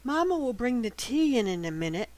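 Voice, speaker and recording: A woman reading the lines of a young woman pianist who is gentle and gently teasing. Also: a little high, very animated, a little fast, pitched above the performer's own voice, rough recording. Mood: light.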